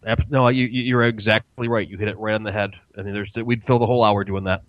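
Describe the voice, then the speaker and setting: A quick-talking male guest speaking in a wry, easygoing way. His voice comes through a dull, muffled remote line that is dry and close, with no room echo. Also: fairly low pitch, steady tone. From United States. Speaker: guest co-host. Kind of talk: casual radio talk.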